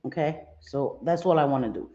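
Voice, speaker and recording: A woman's voice: low-pitched, brisk, warm tone, dull audio. A woman hosting a casual livestream, greeting viewers by name and chatting loosely, laughing easily. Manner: chatty, reads chat names aloud, laughs easily. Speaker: livestream host.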